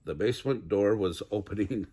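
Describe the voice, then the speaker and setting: A man's voice: fairly low pitch, normal speed, warm tone, husky. An older man reading a children's picture book aloud, chuckling now and then as he reads. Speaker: storybook reader.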